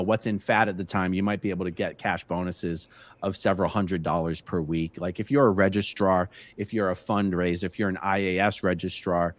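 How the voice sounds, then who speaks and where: A man's voice: on the low side, no echo. A man hosting a casual live stream, chatting and answering viewer questions from the chat. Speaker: livestream host.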